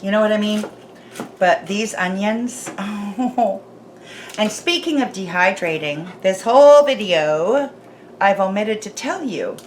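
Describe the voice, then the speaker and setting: Speaking on the low side, this homestead channel host chats and laughs while snacking in her home kitchen for a cooking vlog, talking between bites. There's a faint hiss or hum, with music running beneath her voice.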